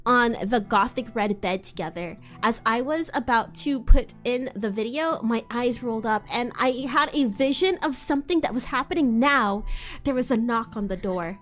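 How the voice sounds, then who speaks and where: A woman's voice: on the high side, expressive, moderate pace, a bit bright, faint music behind. A young woman streamer giving a dramatic, mocking live reading, with the odd stumble over words.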